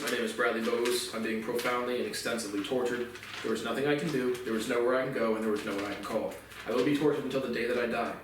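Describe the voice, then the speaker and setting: A man's voice: medium pitch, noisy background. A man vlogging an aggrieved, rambling monologue full of bitter, repetitive complaints. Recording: very echoey room, voice distant from mic.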